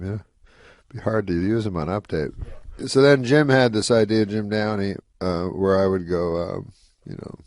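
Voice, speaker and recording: Gravelly man telling a rambling story. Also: lowish voice, normal speed, dry recording. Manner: rambling, deadpan storytelling with restarts. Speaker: interview guest. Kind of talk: casual anecdote telling.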